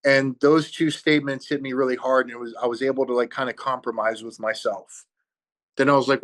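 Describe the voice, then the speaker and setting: Man sharing his recovery testimony: mid-range pitch, earnest, halting delivery with pauses. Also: level tone, a bit bright. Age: adult with children. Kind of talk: personal testimony.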